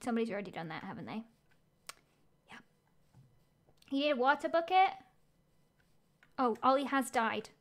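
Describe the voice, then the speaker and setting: A woman streaming a game live, chatting excitedly and narrating her own play aloud as she goes. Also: a little high, moderate pace, long pauses.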